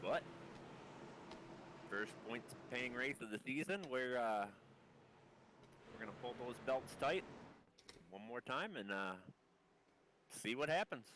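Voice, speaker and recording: A man's voice: mid-range voice, expressive, slow, pauses often, background noise. A man calling a sim race live, sounding under the weather and muffled, stumbling over hard names. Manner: reads a long lineup, stumbling on names. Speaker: race commentator. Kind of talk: live sim racing commentary.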